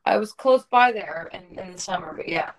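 A woman's voice: medium pitch, lively intonation, moderate pace. Laid-back New York woman. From New York tri-state area. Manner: laid-back, laughing, says "man". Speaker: guest, wrestler. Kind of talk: casual interview chat.

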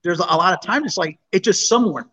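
A man's voice: high-pitched, sharp tone, poor audio. A man, a paranormal investigator, talking casually and often restarting his sentences. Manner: halting, repeats words when starting. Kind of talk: casual chat.

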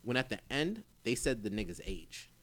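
A man co-hosting a podcast in casual, slangy chat, animated and laughing often. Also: lowish voice, moderate pace. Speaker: podcast co-host.

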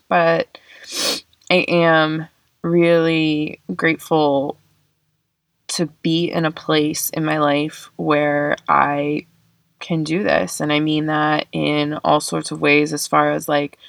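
A woman's voice: sits low, vocal fry, a bit bright, no room sound. A young woman hosting a reflective solo podcast, speaking earnestly and emotionally, tearing up, with many fillers. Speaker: podcast host.

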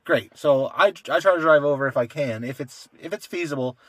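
A man with a somewhat high voice chats casually on a podcast. His stories ramble and he swears freely. The sound is dry and close, with no room echo. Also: brisk, a bit bright. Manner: loose, rambling storytelling with frequent swearing. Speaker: podcast co-host. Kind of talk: casual chat.

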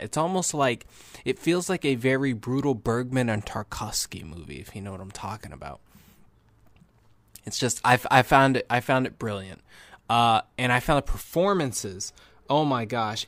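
A man's voice: medium pitch, no room sound. A young man hosting a podcast, giving casual, enthusiastic movie reviews with lots of fillers and restarts. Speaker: podcast host.

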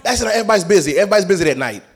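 A male pastor delivers his sermon in an animated way, with a lively pitch that swings often. He keeps a humorous tone and slips into acting out voices. His speaking voice sits somewhat high for a man. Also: rapid-fire, gravelly, slightly rough. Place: church sanctuary.

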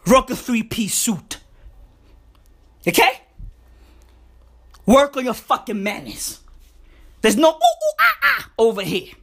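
A woman's voice: on the high side, wildly swooping pitch, takes it slowly, creaky, long pauses, a bit bright, slightly rough, full character voice. A woman putting on a bossy, prim woman lecturing a wild man, swearing as she scolds. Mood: scolding.

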